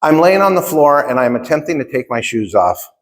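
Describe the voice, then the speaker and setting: A man's voice: a little high, very animated, fairly quick. Man speaking in a reverberant conference hall. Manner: emphatic, repeats key phrases. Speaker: keynote speaker. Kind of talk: motivational storytelling speech. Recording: long reverb of a large hall.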